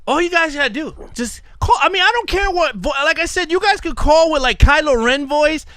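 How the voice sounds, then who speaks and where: High, bright excitable podcast host man. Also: fairly quick, no echo, clean studio sound. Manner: excitable, laughs often, acts out callers' voices. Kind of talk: casual chat.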